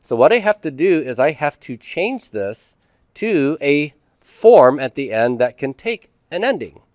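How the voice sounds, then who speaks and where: Male teacher, middle-aged, lectures at a slow pace and quizzes himself out loud. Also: fairly high pitch, very animated, dry recording, studio quality. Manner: explains step by step, asks and answers own questions. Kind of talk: classroom lecture.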